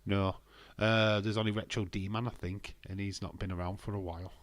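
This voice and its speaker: A man hosting a live stream, chatting casually and reading viewer comments in an excitable, swearing, laughing manner. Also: fairly low pitch, moderate pace, no echo.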